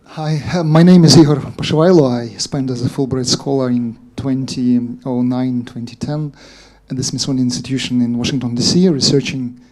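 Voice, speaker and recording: A man's voice: mid-range voice, fairly even intonation, moderate pace, darkish tone. Earnest man, museum director. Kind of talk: self-introduction.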